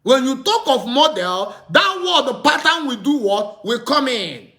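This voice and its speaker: A man preaching a sermon, teaching with slow, emphatic repetition and asking the listeners questions he answers himself. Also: very high voice, sing-song, sharp tone. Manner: repetitive call-and-response teaching, asks "what?" and answers; slow, emphatic delivery with drawn-out words.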